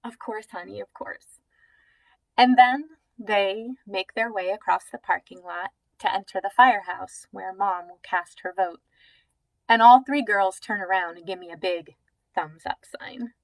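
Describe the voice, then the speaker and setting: A woman telling a personal story with vivid, expressive description. She takes her time, letting each phrase land slowly. The recording is dry, with no room sound. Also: medium pitch, no echo, rough recording.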